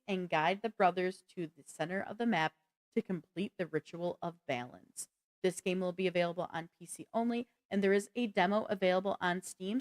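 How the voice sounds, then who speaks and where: A woman co-hosting a live gaming news stream, chatty, full of fillers and self-corrections. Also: mid-range voice. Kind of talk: casual live-stream chat.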